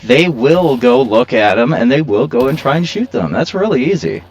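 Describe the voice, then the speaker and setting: Rambling man with a lively, animated voice. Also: mid-range voice, normal speed. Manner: rambling, self-mocking, prone to complaining. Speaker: gaming video creator. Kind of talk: casual gameplay commentary.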